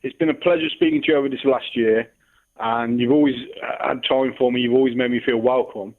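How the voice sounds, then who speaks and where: A man calling in to a radio show, speaking sincerely and haltingly. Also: medium pitch, steady tone. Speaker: caller. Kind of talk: heartfelt phone-in message. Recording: tinny phone line.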